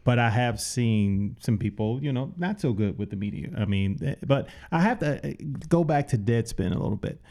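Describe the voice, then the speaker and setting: A man hosting an interview, speaking in a slow, repetitive way. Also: medium pitch, expressive, vocal fry, darkish tone. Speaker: interview host, former athlete. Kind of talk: casual interview talk.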